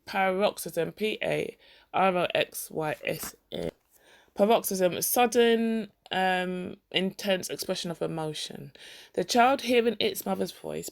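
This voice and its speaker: A woman reading a classic short story aloud at a measured pace, stopping now and then to spell out and define a word. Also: mid-range voice. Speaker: story reader.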